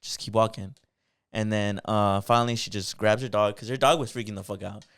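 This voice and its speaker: A young man co-hosting a podcast, telling a story in a casual, animated way and swearing a lot. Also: on the low side, fairly quick, clean tone, dry recording, clean studio sound. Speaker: podcast co-host.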